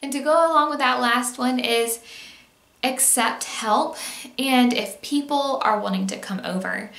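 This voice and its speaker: Mom talking to camera, kinda high voice, chatty and candid, roomy echo. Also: female voice, measured pace, gravelly, a bit bright. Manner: chatty and candid, laughs easily, many fillers. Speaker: mom vlogger. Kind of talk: casual chat to camera.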